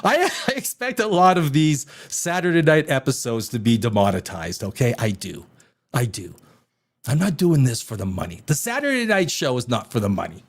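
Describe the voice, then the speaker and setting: A man hosting a live stream, ranting in a casual, crass and excitable way and laughing often. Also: medium pitch, normal speed. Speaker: live show host.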